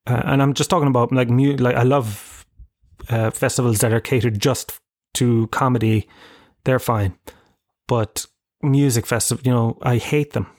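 A man's voice: mid-range voice, fairly even intonation, moderate pace, darkish tone, no echo, studio quality. An Irish man in his thirties hosting a solo podcast, telling rambling, profane, self-mocking stories in casual chat. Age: 30s. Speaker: podcast host.

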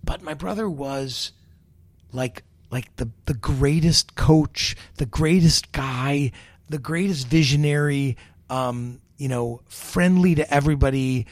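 A middle-aged chef and restaurateur, a man, telling stories in an interview and acting out the people in them with lively energy. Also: mid-range voice, slow pace, no room sound. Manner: animated, acts out the people in his stories. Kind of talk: storytelling interview.

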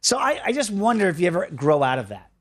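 A man's voice: high voice, very animated, fast, dry recording, studio quality. A man hosting a sports betting radio show, chatting casually in a rambling, jokey way and doing live ad reads.

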